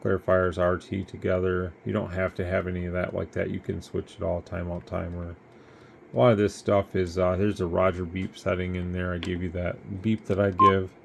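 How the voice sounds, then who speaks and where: A man's voice: deep voice, completely flat delivery, normal speed, vocal fry, slight background noise. A man casually demonstrating a radio, rambling in an easygoing way and sounding tired. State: tired, yawning. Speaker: radio seller demonstrating gear. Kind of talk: casual product demo.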